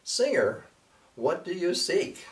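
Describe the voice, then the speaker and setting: A man voicing a chorus of gentle, welcoming songbirds in a raised, lilting voice. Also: high-pitched, very animated, slow, roomy sound, recorded from a distance, voice pushed up, full character voice.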